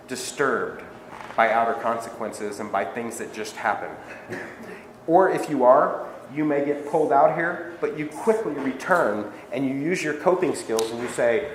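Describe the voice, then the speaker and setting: A man giving a spiritual self-help lecture, asking rhetorical questions and acting out everyday dialogue. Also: medium pitch. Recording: echoey hall with faint ambient noise.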